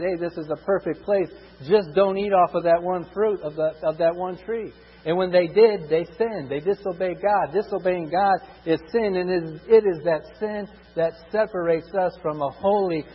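A man preaching a sermon, emphatic and repetitive, swelling louder and dropping soft to stress his points. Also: high voice, slightly rough. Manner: emphatic, repetitive, rises and drops in volume for stress. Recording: muffled with long hall reverb.

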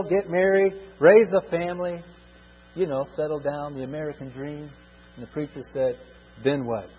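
A man preaching a sermon, emphatic and repetitive, swelling louder and dropping soft to stress his points. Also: on the high side, breathy edge. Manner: emphatic, repetitive, rises and drops in volume for stress. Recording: muffled with long hall reverb.

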